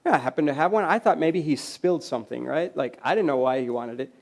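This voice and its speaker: A man from the USA giving a storytelling keynote at a university event, animated and laughing often as he acts out the people in his stories. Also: a little high, fast talker, gravelly. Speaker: keynote speaker. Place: university event hall with audience.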